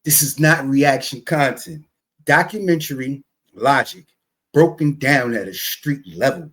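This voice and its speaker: A male host giving sarcastic, skeptical commentary in a teasing, drawn-out way. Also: mid-range voice, a bit bright.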